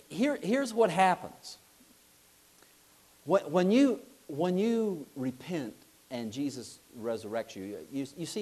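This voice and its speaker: Lively man preaching a sermon. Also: medium pitch. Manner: lively storytelling, acting out voices, asks the audience questions.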